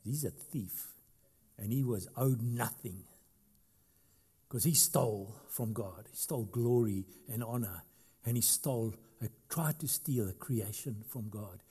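Mellow-voiced pastor preaching, loud then hushed. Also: male voice, mid-range voice, a little slow, breathy edge. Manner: swings between loud emphatic stretches and quiet, hushed asides; conversational, with questions to the congregation and light humor. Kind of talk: sermon.

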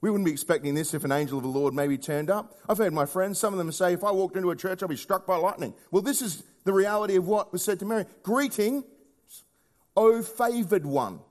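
A man preaching a sermon in a conversational way, often asking rhetorical questions and swinging between hushed low lines and raised emphatic ones. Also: fast talker, hardly any pauses.

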